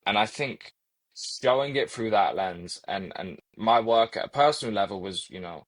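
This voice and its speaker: An earnest young man with a Coventry English accent answers interview questions in a fairly low voice. He often repeats words as he works through his thoughts. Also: expressive, normal speed. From England. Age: young adult. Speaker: guest. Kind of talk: reflective interview conversation.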